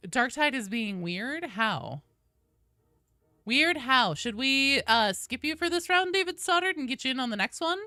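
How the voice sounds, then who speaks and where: A woman game streamer chatting casually and excitedly on a live stream, greeting viewers by name as she plays. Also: a little high, moderate pace, no echo, clean studio sound.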